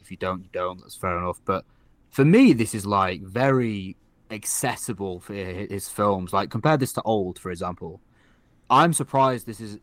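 A man's voice: on the low side, a bit bright, no echo. A man co-hosting a podcast, chatting casually, hedging his points and handing over to others. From not American. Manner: chatty, hedging, passes the mic. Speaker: podcast co-host. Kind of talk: casual chat.

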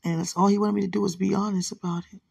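Soft-spoken woman with a gravelly, husky voice, murmuring an intimate late-night phone message from bed. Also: medium pitch, little pitch movement, racing, dry recording. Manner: soft, hushed, rambling and affectionate, often religious. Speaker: partner leaving a voice message. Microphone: phone held close to the mouth.

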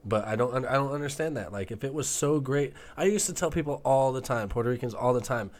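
A man's voice: mid-range voice, quick pace. An American man co-hosting a podcast, chatting casually, laughing often and swearing freely. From United States. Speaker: podcast co-host. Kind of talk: casual banter.

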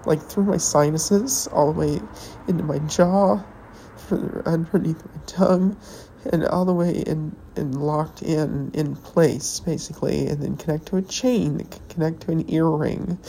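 A woman hosting a podcast, talking in a rambling, halting personal monologue while tearful and emotional. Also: low voice, steady tone, vocal fry, mellow, a little hiss or hum, rough recording. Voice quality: halting, hesitant delivery with pauses. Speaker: podcast host.

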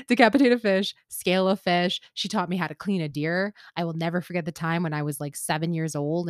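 Podcast host, woman from Canada, low voice, dry close sound, candid storyteller who laughs often. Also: dry recording. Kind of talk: casual personal storytelling.

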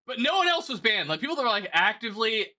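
A young man co-hosting a podcast, telling animated stories in a casual, profane way. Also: sits high, quick pace. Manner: animated storytelling, lots of swearing. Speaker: podcast co-host. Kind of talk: casual chat.

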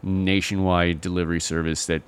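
A man's voice: low voice, flat delivery, moderate pace, clean tone. A man co-hosting a podcast in casual chat, rambling with lots of "you know" and "right?", now and then mimicking call-center agents in exaggerated voices. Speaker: podcast co-host.

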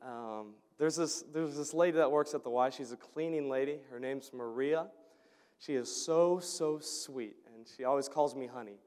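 A man's voice: mid-range voice, moderate pace, darkish tone, clear, resonant tone. A man giving an earnest storytelling testimony about a mission trip, often restarting and repeating his words. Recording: long reverb of a large hall.

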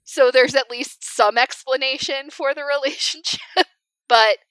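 A young adult woman co-hosting a casual podcast chat, animated and laughing often. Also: high voice, a little slow, clear, resonant tone, no room sound, poor audio. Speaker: podcast co-host.

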